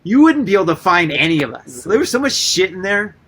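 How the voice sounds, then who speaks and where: A man with a somewhat high voice spins loose, animated stories as an interview guest, peppering them with "like" and casual swearing. His tone is bright and forceful, and he keeps a chatty, tumbling storytelling rhythm. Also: fairly quick, slightly rough. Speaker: guest artist and musician.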